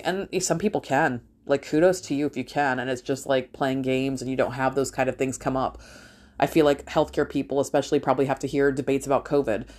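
A woman's voice: extremely low pitch, fairly even intonation, fairly quick, a little mellow. A woman talking in a candid, rambling monologue, swearing freely as she speaks to listeners. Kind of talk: casual monologue.

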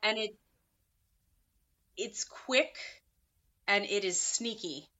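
A woman's voice: medium pitch, extremely slow, sharp tone. A woman talking as a podcast guest in a casual interview, earnest and thinking aloud with many fillers. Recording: muffled lo-fi audio.

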